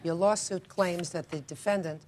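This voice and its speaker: A woman presiding as a TV judge, questioning parties in a brisk, direct way. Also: on the low side, steady tone, darkish tone, a little hiss or hum. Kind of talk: courtroom questioning.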